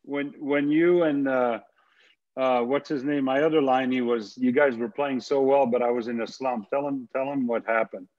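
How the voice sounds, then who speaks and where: A man's voice: medium pitch, fairly even intonation, moderate pace, lo-fi sound. A man, the interview guest, chatting casually and repeating words as he gets going. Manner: stammering, repeats words when starting. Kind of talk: casual chat.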